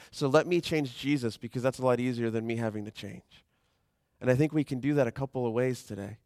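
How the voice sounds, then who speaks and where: Man, pastor, sermon, conversational, acts out quotes, mid pitch, dry sound. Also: a little mellow, no echo.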